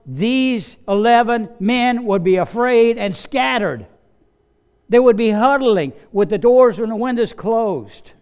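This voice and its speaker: A man's voice: on the high side, dark tone. Man preaching in a conversational way. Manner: conversational preaching with asides and occasional coughs. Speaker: pastor. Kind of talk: sermon. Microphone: slides and study sheet, speaking to a congregation.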